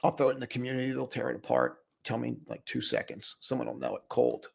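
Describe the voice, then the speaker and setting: Chatty male streamer, relaxed coaching banter, average pitch, calls viewers buddy. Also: fast, vocal fry, breathy edge. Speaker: trading coach hosting a live stream. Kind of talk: casual live-stream commentary.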